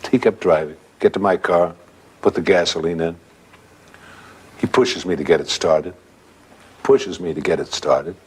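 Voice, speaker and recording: A man's voice: low voice, a little slow, long pauses, slightly rough. An older man telling a ghost story from his own life in a conversational way.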